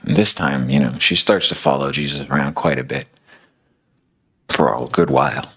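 Low-voiced husky male preacher. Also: normal speed, sharp tone. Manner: casual, conversational retelling with many fillers. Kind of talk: sermon storytelling.

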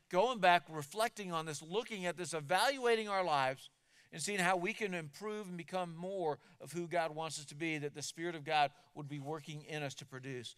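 Male pastor, higher voice, smooth and resonant, earnest emphatic sermon delivery. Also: fairly bright tone. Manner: earnest, emphatic preaching with repeated words.

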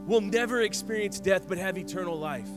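A man voicing a calm, commanding male healer who speaks slowly and solemnly, over music. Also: sits high, close to an everyday voice.

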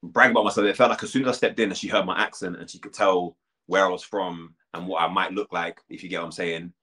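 Young British man, deep voice, rapid talk, casual interview, frank. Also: fairly even intonation, bright, forceful tone. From United Kingdom. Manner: candid, quick, uses many fillers and restarts. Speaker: reality show contestant, guest.

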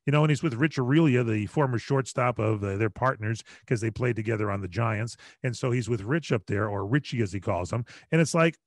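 A middle-aged man, a radio broadcaster, telling stories in a lively, joking way over a video call. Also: mid-range voice, no room sound, studio quality. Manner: lively, chatty, quick to joke. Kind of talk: animated storytelling in conversation.

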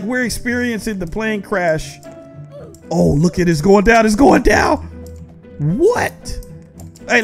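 An excitable man commentates his gameplay in a high, bright-pitched voice, talking straight to his viewers. Soft game music plays faintly underneath. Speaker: gaming video host.

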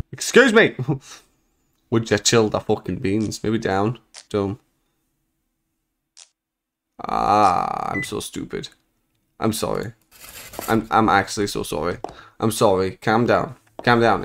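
Young man, horror game commentary, excitable, jokey, swears, animated pitch, faint music behind. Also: vocal fry. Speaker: gaming video creator.

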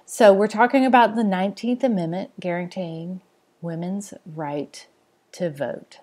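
A woman's voice: mid-range voice, measured pace. Chatty woman hosting a podcast. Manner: chatty, with frequent fillers, asides and soft laughs. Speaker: podcast host. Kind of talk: casual solo podcast chat.

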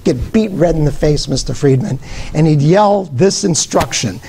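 A man's voice: fairly high pitch, animated, normal speed, creaky, mellow, slight background noise. An older man from Nebraska giving a humorous storytelling lecture, joking and quizzing his audience. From Omaha, Nebraska, USA. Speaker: guest speaker.

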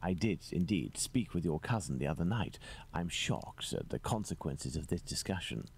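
An actor playing Sherlock Holmes, a calm, inquisitive male detective, in a video game, speaking politely and in a measured way. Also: low voice, breathy edge, heavily acted.

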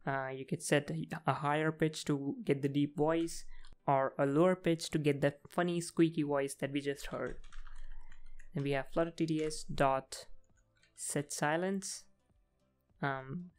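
A man's voice: a little high, fairly even intonation, unhurried, clean tone. A man hosting a programming tutorial, casually talking through each coding step as he types, with frequent fillers. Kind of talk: casual screen-recorded coding walkthrough.

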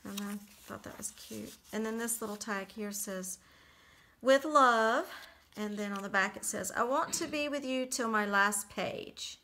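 A woman casually talking through a handmade journal she made, chatty and relaxed with lots of little fillers. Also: medium pitch, a little slow, slight background noise. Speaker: crafter showing a handmade journal. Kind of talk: casual flip-through narration.

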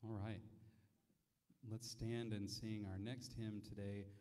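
A man's voice: lowish voice, level tone, takes it slowly, warm tone, big-room sound. A man leading worship, briefly announcing the next hymn in a church sanctuary. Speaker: worship leader.

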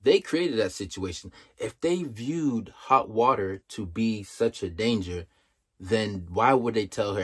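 Exasperated low-voiced male commentator. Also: a little slow, husky. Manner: emphatic, exasperated, rhetorical questions. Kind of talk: casual commentary.

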